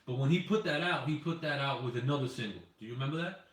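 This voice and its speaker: A man's voice: medium pitch, quick pace, distant mic. A man co-hosting a casual chat, blunt and profane, often mocking. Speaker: podcast co-host. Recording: echoey room, off-mic.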